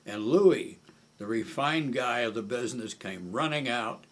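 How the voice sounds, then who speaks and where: An older man from Omaha telling stories from memory in an oral history interview, unhurried and pausing often with "uh". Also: mid-range voice, fairly bright tone. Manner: unhurried, with frequent hesitations. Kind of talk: reminiscing storytelling.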